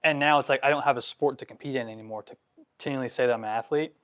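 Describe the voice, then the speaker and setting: A man in his twenties, a vlogger answering follower questions on a livestream, animated, getting worked up, with many "like" fillers. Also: mid-range voice, rapid-fire. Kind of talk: livestream Q&A monologue.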